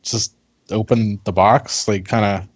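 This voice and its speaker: A man's voice: on the low side, fairly even intonation, measured pace, dry recording. A man playing in a tabletop game, talking hesitantly and trailing off. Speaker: player.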